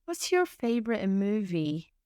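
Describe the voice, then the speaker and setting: A woman teaching English, reading short everyday phrases one at a time with careful, deliberate enunciation and pauses between them. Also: mid-range voice, sing-song, warm tone, clean tone, no echo, studio quality. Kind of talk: slow phrase-by-phrase reading for learners.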